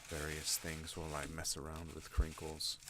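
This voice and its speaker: A man hosting an ASMR channel, talking in a slow rambling way and drifting off on tangents. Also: background noise. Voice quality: deep relaxed voice. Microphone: non-binaural desk microphone.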